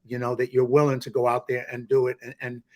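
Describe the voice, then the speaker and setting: A man's voice: medium pitch, completely flat delivery, quick pace. A man hosting a podcast, chatting casually in a rambling way with many restarts. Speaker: podcast host. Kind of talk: casual interview chat.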